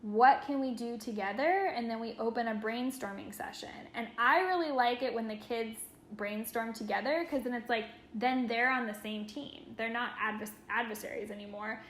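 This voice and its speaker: A woman's voice: fairly high pitch, moderate pace, hardly any pauses, fairly bright tone, a little hiss or hum. A young adult woman, a caregiver, giving an earnest, reflective training talk and saying "like" often. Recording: echoey room.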